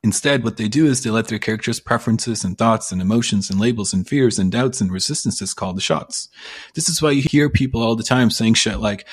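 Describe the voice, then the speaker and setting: A man's voice: lowish voice, fairly quick, breathy edge. A man giving a blunt, persuasive self-help monologue in a casual, emphatic way, with frequent swearing. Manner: blunt, casual, sprinkled with profanity. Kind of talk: motivational monologue.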